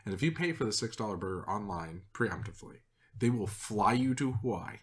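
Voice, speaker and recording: Low-voiced joking man chatting. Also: a little fast. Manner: joking, deadpan contrarian. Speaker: podcast co-host. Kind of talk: casual film-review chat.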